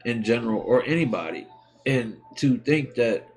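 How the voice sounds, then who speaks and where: Heartfelt halting man in his forties. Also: medium pitch, animated, a little hiss or hum. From United States. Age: 40s. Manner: halting and heartfelt, many restarts. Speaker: livestream host. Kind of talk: emotional personal talk.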